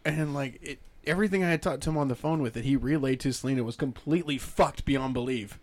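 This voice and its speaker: A man's voice: mid-range voice, fast, darkish tone. A man hosting a casual podcast chat, telling stories with lots of swearing and laughter. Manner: profane, laughing storyteller who acts out his own quotes. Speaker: podcast host.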